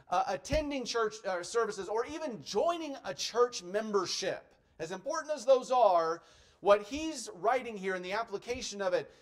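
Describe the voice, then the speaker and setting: Earnest man preaching a sermon. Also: sits high. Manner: earnest, emphatic preaching with wide swings in loudness. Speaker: pastor.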